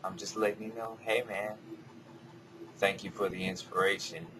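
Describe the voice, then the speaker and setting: A man rambling in a casual, reflective monologue, swearing freely and drifting between soft mutters and louder bursts. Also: on the low side, level tone, moderate pace, background noise. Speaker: vlogger.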